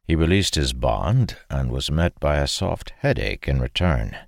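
A man reading fantasy fiction aloud in a steady, measured narration. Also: rumbling low, gravelly, dry recording, studio quality. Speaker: audiobook narrator.

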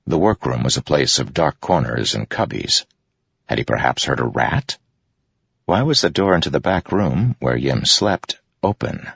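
A man narrates a story in a very deep, gravelly voice with lively shifts of pitch. His voice is husky. The recording is dry and slightly muffled. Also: dry recording. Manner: measured, steady storytelling. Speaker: audiobook narrator. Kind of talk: scripted narration.

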